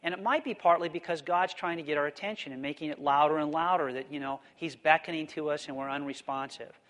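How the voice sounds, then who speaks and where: Male lecturer, higher-pitched voice, thoughtful explanatory delivery, reverberant lecture hall. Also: quick pace, a bit bright. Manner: thoughtful, explanatory, restates questions. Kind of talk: theology lecture with Q&A.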